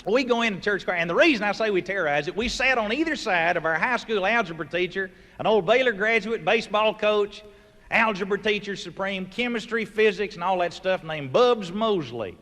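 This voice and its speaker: High bright comedian in a hall. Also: male voice, a little fast. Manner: folksy, animated, with sudden loud voiced sound effects. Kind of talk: stand-up storytelling. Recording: live show recording from a hall with audience ambience.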